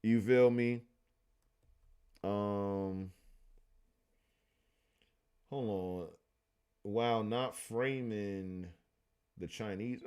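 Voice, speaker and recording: A man's voice: on the low side, drawn-out words, long pauses, a little mellow, smooth. A man hosting a casual livestream, reading old newspaper clippings aloud and retelling stories in loose, profane slang. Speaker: livestream host.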